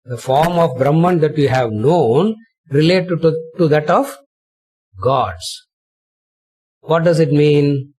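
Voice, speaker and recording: A man teaching a retreat lecture on scripture, slow and emphatic, repeating phrases and asking rhetorical questions. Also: fairly high pitch, a little mellow, husky. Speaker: spiritual teacher.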